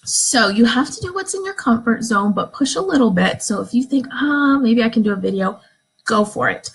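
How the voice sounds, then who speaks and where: Woman, live stream training, encouraging, bright manner, a bit husky, higher voice. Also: moderate pace, poor audio. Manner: upbeat, encouraging, acts out excited examples. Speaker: direct sales team leader. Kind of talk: live video training talk. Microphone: phone or webcam, live stream.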